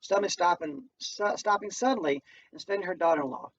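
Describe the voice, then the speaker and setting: A man, a teacher, reading a play aloud at home in a plain, unhurried way. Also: high-pitched. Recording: distant muffled home recording, faint noise.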